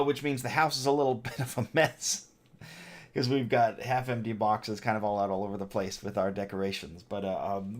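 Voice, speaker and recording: A middle-aged man hosting a casual livestream from home, rambling in a chatty way, laughing often and muttering to himself as he builds. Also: mid-range voice. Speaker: host of a theme park channel livestream. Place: his home.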